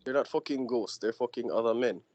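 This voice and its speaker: A man's voice: mid-range voice, fairly quick, darkish tone, highs cut off, slight background noise. A man co-hosting a casual podcast discussion, earnestly laying out an argument. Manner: earnest, making a point. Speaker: podcast co-host.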